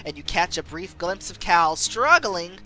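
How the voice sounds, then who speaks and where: Bright lively woman reading a game story on stream, laughing along. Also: lowish voice, unhurried. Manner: expressive, laughs between lines.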